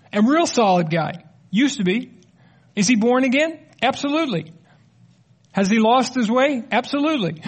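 Middle-aged guy preaching, pretty high voice, chatty, explains stuff and cracks little jokes. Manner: conversational, explanatory, joking asides. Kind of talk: teaching sermon with audience questions.

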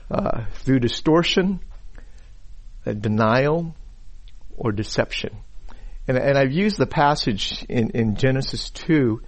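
A man's voice: mid-range voice, lively intonation, slow. Man teaching a Bible lesson. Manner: many repeated words and restarts, stressed key words. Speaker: preacher teaching scripture. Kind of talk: sermon-style Bible teaching. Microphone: uses a pointer and slides.

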